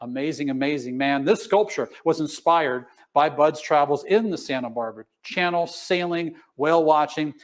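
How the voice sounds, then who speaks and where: A man's voice: fairly high pitch, normal speed, few pauses. A man working as auctioneer at a livestreamed charity benefit, calling out bids in an upbeat, jokey way and reading out the lots.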